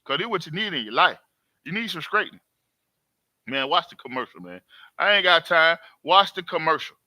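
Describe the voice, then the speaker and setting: A man's voice: on the high side, very animated, fairly quick, bright, forceful tone, no room sound. A man hosting his own live stream, talking emphatically and repetitively in casual street talk to his viewers from home. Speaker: host.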